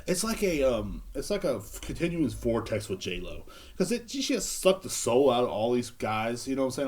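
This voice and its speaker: A man's voice: medium pitch, a little mellow. A young adult man hosting a solo podcast, ranting in a sarcastic, profane, rambling way with many restarts. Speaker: podcast host. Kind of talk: casual solo rant.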